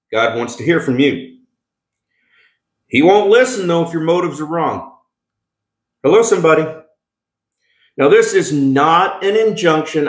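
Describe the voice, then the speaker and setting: Pastor guy preaching, kinda high voice, lots of restarts and "hello somebody" asides, echoey room. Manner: emphatic, call-and-response asides, frequent restarts. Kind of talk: sermon.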